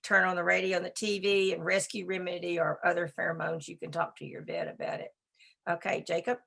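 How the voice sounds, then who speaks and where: A woman giving a presentation on dog behavior, talking in a brisk, emphatic and conversational way. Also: on the low side, flat delivery, vocal fry, fairly bright tone. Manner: talks to a slide assistant. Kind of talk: presentation lecture.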